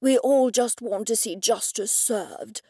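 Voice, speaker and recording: A woman voicing a formal, precise gentleman who speaks in a measured, lecturing way. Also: fairly high pitch, husky, no echo, studio quality.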